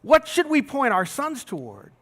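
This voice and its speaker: Guy preaching, pretty high voice, animated storytelling, big church reverb. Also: normal speed. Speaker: pastor. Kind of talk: sermon. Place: large church hall. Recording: long reverb of a church hall.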